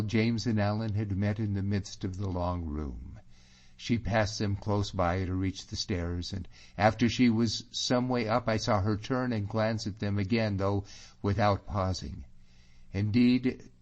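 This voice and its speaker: A man narrates an audiobook in a low voice and an unhurried, measured way. The recording sounds dull and lo-fi. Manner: even, measured storytelling.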